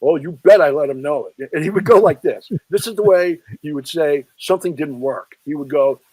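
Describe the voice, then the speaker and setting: A man with a fairly high voice tells long show-business anecdotes as a guest. He talks in an animated, chatty way and drops his voice to quote people. The sound is dry and close. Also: a little fast, dry recording, low-quality recording. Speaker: author and film historian guest. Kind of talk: anecdotal interview storytelling.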